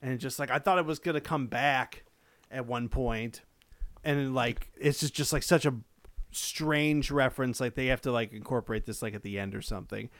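A man's voice: mid-range voice, normal speed, a bit bright, no room sound. Rambling man in casual podcast chat. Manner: rambling, swears, many fillers and restarts. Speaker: podcast co-host.

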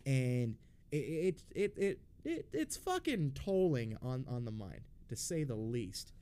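A man with a mellow, dark-toned voice sits in the middle of the pitch range as he recounts a story to his podcast co-host. He rambles and swears nonstop in a blunt, unpolished way, often circling back with fillers and restarts. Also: very animated, slow pace, clean tone. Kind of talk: casual storytelling.

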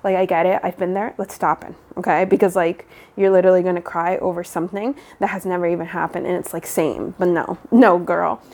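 Gravelly, mellow young woman vlogging. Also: fairly low pitch, steady tone, brisk, hardly any pauses. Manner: rambling, candid, encouraging, with many fillers. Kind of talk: casual personal talk to viewers. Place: home.

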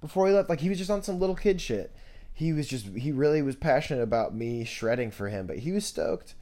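Rambling young man with a mellow voice. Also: a little fast. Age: 20s. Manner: rambling, scatterbrained, jokey, full of fillers; animated, jumps into high voices when quoting others. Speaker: podcast host. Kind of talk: casual storytelling monologue.

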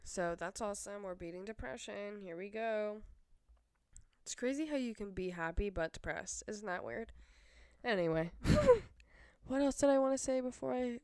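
Young woman vlogger, smooth clear voice, dry close sound, chatty and rambling. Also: mid-range voice, animated, normal speed, darkish tone, no room sound. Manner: chatty, filler-heavy, laughs often. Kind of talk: rambling casual monologue.

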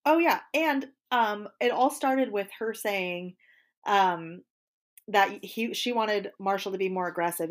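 A woman's voice: medium pitch, a little slow. A woman co-host in easy, casual chat, gossiping bluntly about what she watched. She slips into little acted-out quotes as she goes, and her voice sits in the middle of the usual range. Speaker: podcast co-host.

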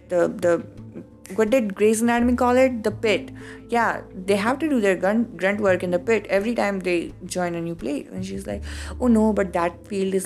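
A woman from India with an Indian accent, hosting a podcast and telling a personal story in a casual, animated way, acting out both sides of conversations. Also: medium pitch, creaky. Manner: animated, acts out both sides of quoted dialogue, frequent swearing. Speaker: podcast host.

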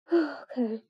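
High-voiced woman, candid and emotional. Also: slightly rough. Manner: candid, emotional, halting, with nervous laughs. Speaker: trauma coach. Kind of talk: confessional personal vlog. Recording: dull lo-fi recording.

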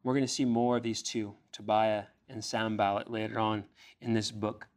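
A man's voice: on the low side, flat delivery, moderate pace. A young man preaching a sermon, reading scripture aloud and pressing his listeners with earnest questions, rising in emphasis on key phrases. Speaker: pastor.

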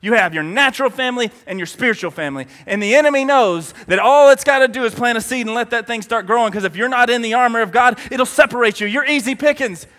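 Man, preacher, sermon, very high voice, rhetorical questions. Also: quick pace, hardly any pauses, a bit bright, in a large hall. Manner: emphatic, with rhetorical questions to the congregation.

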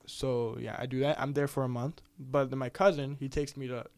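A young American man with a mid-range, somewhat dark voice speaks fairly quickly in a level tone, with no room sound. As a podcast guest in casual chat, he tells a long travel story in a laid-back way, swearing freely and laughing often.

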